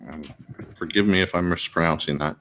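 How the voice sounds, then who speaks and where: Game master, man, very low voice, halting narration full of fillers. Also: a bit bright, slight background noise. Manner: halting, many fillers and throat clearing. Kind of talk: narrating a tabletop game livestream.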